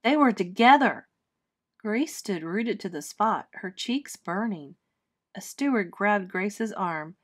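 A woman teacher reading a children's chapter book aloud with clear, expressive storytelling. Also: medium pitch, takes it slowly.

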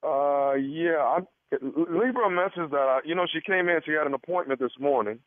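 A man's voice: on the high side, no echo. Sly male prank caller on phone. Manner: teasing, sly, drawn-out delivery. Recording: tinny phone line, dry.

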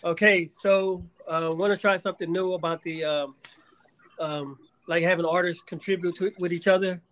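A man hosting a podcast, talking casually and haltingly with many fillers. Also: high voice, fairly even intonation, fairly bright tone. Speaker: podcast host. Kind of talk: casual chat.

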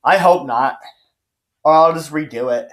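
A man's voice: a little high, a little slow, fairly bright tone. A man, a YouTuber, ranting in a vlog, cursing and sarcastic, rambling with restarts. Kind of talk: profane angry rant vlog.

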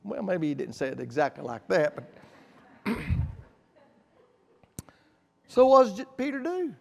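A male pastor preaching a sermon in a church sanctuary, emphatic and repetitive, dropping to quiet asides. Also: sits high, very animated, moderate pace, creaky. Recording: long church reverb.

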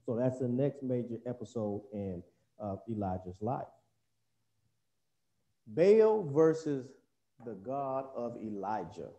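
A man's voice: mid-range voice, dark tone, dull audio. A man preaching a sermon, reading scripture and explaining it in a conversational, folksy way. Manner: conversational, folksy asides, restarts while explaining.

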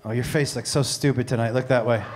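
A woman's voice: rumbling low, fairly even intonation, fast talker, very noisy, pitched below the performer's own voice. A man voicing his blunt, curious wife, speaking in a matter-of-fact way on a stand-up stage.

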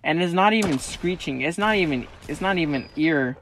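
Excitable young-sounding gaming commentator man. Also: fairly high pitch, normal speed, a little hiss or hum. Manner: excitable, swings between mumbling and yelling; casual slangy chatter to viewers. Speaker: mobile game streamer. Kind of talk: gameplay commentary.

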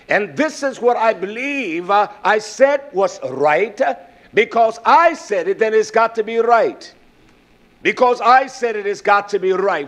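A man preaching a sermon, emphatic and repetitive, drawing out his phrases. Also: high-pitched.

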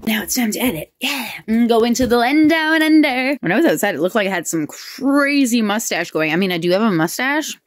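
A woman with a notably high voice talks straight to camera in a casual vlog. She rambles, jokes at her own expense and breaks into laughter often, with a faint hiss behind her. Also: expressive. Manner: chatty, self-mocking, quick to laugh. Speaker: vlogger.

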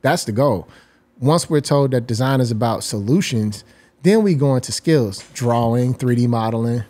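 Guest, man, 40s, articulate and reflective, mid-pitched voice. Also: normal speed, warm tone. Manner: articulate, explains ideas at length. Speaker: guest designer. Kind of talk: reflective interview talk.

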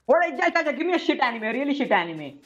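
Lively, excitable woman streamer. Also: high voice, quick pace, highs cut off. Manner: excitable, swears often, bursts out at the game. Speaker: game streamer. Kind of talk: casual live-stream chat while gaming.

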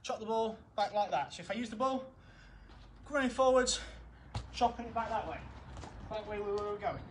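A man's voice: high-pitched, moderate pace, slight background noise. A young man coaching football drills in his garden, upbeat and encouraging, counting down each set while out of breath. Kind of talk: home football drill session. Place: garden, outdoors.

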